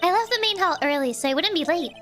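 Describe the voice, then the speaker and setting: A woman reading the lines of a gentle young nun in a game, soft and polite. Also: very high-pitched, expressive, fast talker, faint music behind. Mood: calm.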